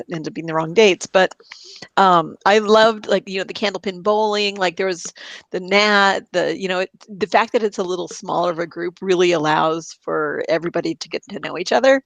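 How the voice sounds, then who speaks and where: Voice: medium pitch, fairly even intonation, a little fast, gravelly, a bit bright, dry recording. A podcast co-host chatting casually and rambling about a fan meetup. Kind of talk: casual chat.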